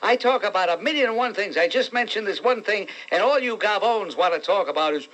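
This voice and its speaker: A man's voice: sits high, expressive, brisk, few pauses, fairly bright tone. A man with a New York accent hosting a call-in talk radio show, blunt and sarcastic with callers. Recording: dull lo-fi radio broadcast.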